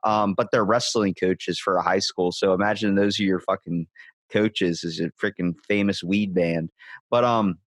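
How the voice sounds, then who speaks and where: A young man in his twenties telling concert stories in casual chat, animated and profane, jumping into a higher voice for quoted people. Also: normal speed, no echo.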